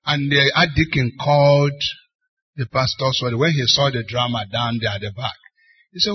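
A man's voice: medium pitch, normal speed, husky. A man with a Nigerian English accent, a bishop preaching a sermon, telling stories and acting out the people in them before rising into emphatic exhortation. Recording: dull muffled sermon recording.

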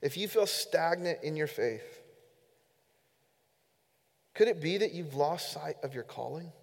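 A man's voice: a little high, expressive, unhurried, vocal fry. A man who is a pastor, preaching an earnest, emphatic sermon to his congregation during a church service. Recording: echoey hall with long reverb.

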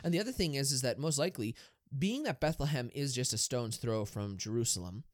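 A male priest co-hosting a casual podcast, explaining with lively energy and tossing out rhetorical questions to the listener. His voice sits in a middle range and sounds dry and close to the mic. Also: medium pitch, fairly quick, no echo. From Erie, Pennsylvania, US. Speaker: Catholic priest and podcast co-host.

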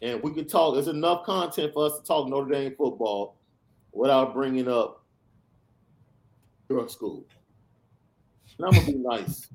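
A man's voice: mid-range voice, unhurried, long pauses, darkish tone. A man hosting a sports podcast, ranting with emphatic, sarcastic repetition. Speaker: podcast host. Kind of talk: animated sports podcast rant.

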